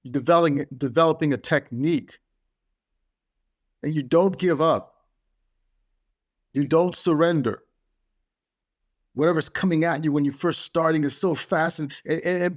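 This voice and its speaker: A man's voice: fairly high pitch, moderate pace, long pauses. A man giving a motivational podcast talk, speaking emphatically and driving his points home through repetition.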